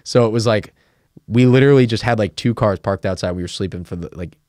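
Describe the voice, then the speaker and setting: Podcast host, male, lowish pitch, loose storyteller, dry close mic. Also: fast talker, darkish tone, no echo. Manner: rambling storyteller, heavy filler "like", acts out quotes. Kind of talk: casual chat.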